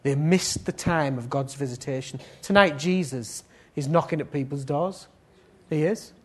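A man preaching a sermon and leading prayer, swinging between loud pleading appeals and soft, low passages. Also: normal speed, breathy edge.

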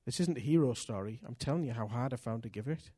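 A man preaching a sermon in an animated, candid way, with self-mocking humor. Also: medium pitch, quick pace, breathy edge, no room sound, studio quality. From Britain. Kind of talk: sermon with personal storytelling.

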